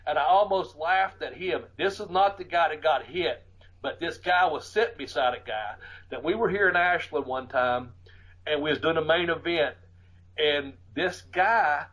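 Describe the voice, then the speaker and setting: A middle-aged man, a podcast host casually telling profane, animated stories and laughing often. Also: on the high side, moderate pace, poor audio. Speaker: podcast host and former wrestler. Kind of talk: casual storytelling.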